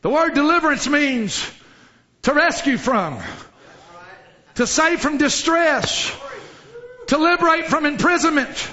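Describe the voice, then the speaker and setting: A man preaching a sermon with fervour, rising into shouts and dropping to low, quiet lines. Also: lively intonation, unhurried, pauses often, highs cut off. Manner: fervent preaching, swinging from shouts to low murmurs.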